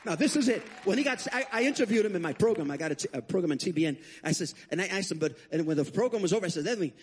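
A guest pastor preaches at a rapid clip, his husky voice jumping into the voices of the people in his stories. He often stumbles and restarts mid-phrase, and his voice sits a little high for a man. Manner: animated storytelling, acting out quoted voices, frequent stammered restarts. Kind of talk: sermon.

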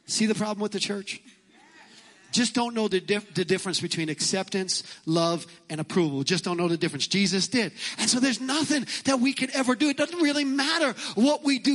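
High, bright-voiced male preacher. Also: expressive, brisk, poor audio. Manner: emphatic, repetitive storytelling preacher. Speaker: pastor. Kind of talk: sermon.

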